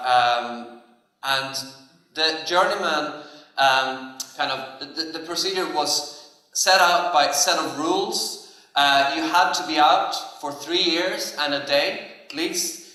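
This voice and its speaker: A man speaks at a conference in a reverberant hall. His voice sits a little high and bright, and his delivery is relaxed and halting, full of pauses. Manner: relaxed, hesitant, many fillers. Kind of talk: conference talk. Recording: echoey hall.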